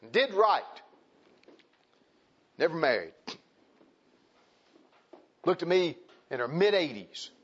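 A man preaching a fiery sermon, emphatic and repetitive, swinging between shouts and hushed tones. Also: sits high. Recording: dull lo-fi recording.

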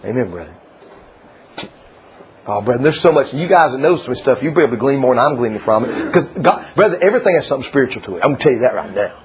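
A man preaching a folksy sermon, laughing often and swinging from loud declarations to hushed asides. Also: mid-range voice, sing-song, fast, slight background noise. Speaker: pastor. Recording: dull lo-fi church recording.

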